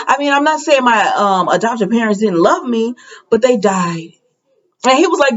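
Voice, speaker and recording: A woman's voice: lively intonation, normal speed, a bit bright, dull audio. Chatty woman recapping a soap episode. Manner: chatty, acts out characters' lines with raised pitch. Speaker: soap opera recap host.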